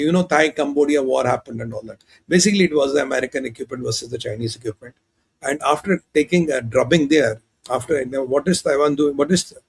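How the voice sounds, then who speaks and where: A man hosting a show of opinionated geopolitical commentary, who talks in an animated way and acts out leaders in quoted dialogue. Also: mid-range voice, husky. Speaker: host and commentator.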